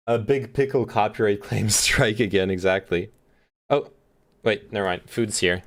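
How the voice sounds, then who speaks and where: A man's voice: lowish voice, slow pace, pauses often, fairly bright tone. A man livestreaming and reacting to a video, chatting casually, swearing freely, and talking while he eats. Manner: chatty, swears often, laughs, talks while eating. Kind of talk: casual chat.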